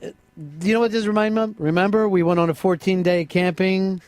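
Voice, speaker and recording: A man's voice: high-pitched, little pitch movement, fast talker, darkish tone, smooth, no room sound. Teasing male radio host, dry studio sound. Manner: teasing, joking. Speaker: radio talk show host. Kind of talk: radio talk show banter.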